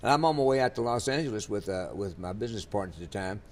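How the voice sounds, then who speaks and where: A man's voice: fairly low pitch, lively intonation, very fast. An older man from Louisiana, telling long rambling stories in an interview, full of fillers and restarts. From Louisiana, USA. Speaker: interviewee, country singer. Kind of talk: storytelling in an interview.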